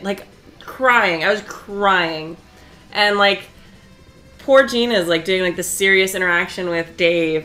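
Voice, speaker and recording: Woman streamer, casual chatter, giggly, lowish voice, faint music behind. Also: fairly bright tone. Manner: chatty and giggly, laughs often. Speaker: live streamer. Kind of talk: casual chat while sewing on a live stream.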